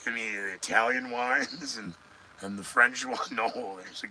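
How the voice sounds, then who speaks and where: Middle-aged male podcast host, sarcastic news commentary, very bright, sharp tone, rambling asides to viewers. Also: on the low side, steady tone, unhurried, rough recording.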